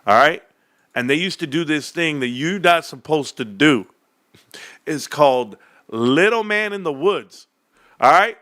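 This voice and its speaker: A male streamer talks casually from his home desk, cursing freely and laughing often. His voice sits a little high and sounds bright and forceful. His pitch swings widely as he talks. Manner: animated, swearing, laughing often. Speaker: livestream host. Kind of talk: casual livestream chat.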